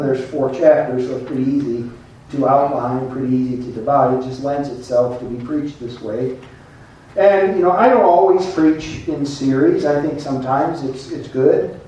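Speaking in a mellow, medium-pitched voice, a pastor preaches a folksy, conversational sermon and makes asides to his congregation. The church sanctuary sounds echoey through a distant mic, and there's a little hiss or hum.

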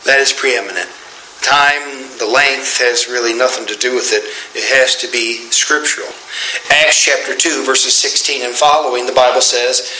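A middle-aged pastor preaching a sermon in a church, tired, with a folksy, joking manner. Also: male voice, fairly high pitch, fairly even intonation, normal speed, pushed and bright, roomy sound, slight background noise, low-quality recording. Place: church sanctuary.

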